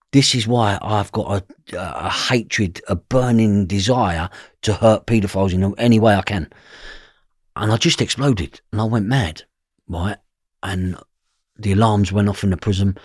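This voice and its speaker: In a lowish voice with a breathy edge, a middle-aged man tells his story as a podcast guest, bluntly and with intensity, swearing and frequently asking if you follow him. The recording is dry and the studio sound clean.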